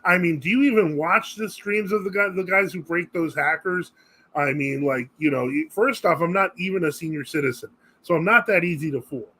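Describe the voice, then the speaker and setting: A man's voice: on the high side, fairly quick, pushed and bright, breathy edge, rough recording. A man hosting a live Q&A stream, chatting casually and reacting to viewer comments as he reads them aloud. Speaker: host of a live religious Q&A stream.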